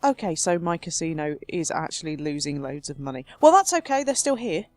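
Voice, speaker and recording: A woman hosting a let's play, chatting through her game in a self-mocking way, her voice jumping between high and low. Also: animated, fairly quick, darkish tone, dry recording. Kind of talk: casual gameplay commentary. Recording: faint game music behind.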